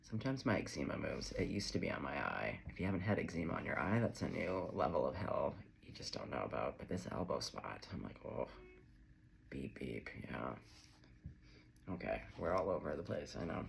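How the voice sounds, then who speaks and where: Man, tarot reader, casual chat, rambling, animated intonation, low voice. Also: a little fast, vocal fry, a little hiss or hum. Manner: chatty, rambling, off on tangents. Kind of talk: casual tarot reading to camera.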